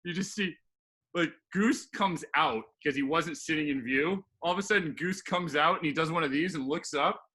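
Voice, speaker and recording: A man from New York tells a story with animated energy and acts out the voices in it. His voice is bright and forceful and sits a little high. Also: normal speed, husky. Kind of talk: casual chat, storytelling.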